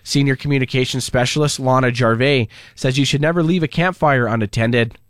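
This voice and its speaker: A man reading local news and sports for a radio station in a steady, scripted way. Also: mid-range voice, a little fast, dry recording, clean studio sound. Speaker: radio newsreader. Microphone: studio mic.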